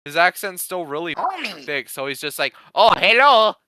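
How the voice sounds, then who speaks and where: A man chatting casually as a podcast guest, halting and often restarting his sentences. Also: on the high side, steady tone, pushed and bright, clear, resonant tone, no echo, studio quality. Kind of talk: casual chat.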